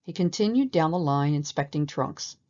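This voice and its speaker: Lady reading a kids story out loud, low voice, lively, bit muffled. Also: normal speed. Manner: expressive and animated. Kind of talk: storybook read-aloud narration.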